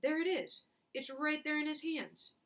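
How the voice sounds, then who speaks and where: A woman voicing a fat, excitable male shopkeeper in a children's storybook reading, shouting high and fast when thrilled. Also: natural voice. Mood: shrieking excitement.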